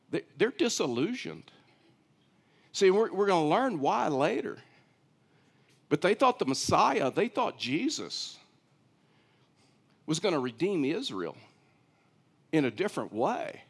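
Male pastor, fairly high voice, animated preaching with repetition. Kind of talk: sermon.

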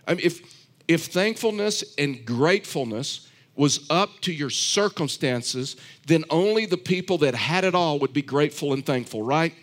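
A man's voice: fairly high pitch, animated, normal speed. A man preaching a sermon, earnest and repetitive, telling stories with frequent restarts. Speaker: pastor.

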